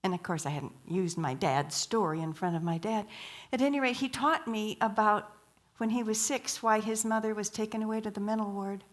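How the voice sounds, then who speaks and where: A woman's voice: medium pitch, fairly even intonation, fairly quick. A woman giving a sermon at a church, telling stories, asking the audience questions and dropping to a whisper for emphasis. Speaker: guest speaker.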